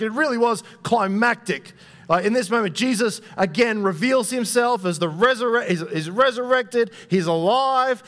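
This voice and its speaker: Young guy preaching, kinda high voice, chatty and joking at himself, lots of ums. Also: fairly bright tone. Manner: conversational, self-deprecating, with fillers. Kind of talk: sermon.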